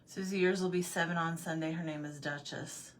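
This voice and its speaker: A woman's voice: deep voice, steady tone, fairly quick, slight background noise. A woman chatting casually with her livestream viewers while she paints at home, answering their comments and laughing often. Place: home room with desk.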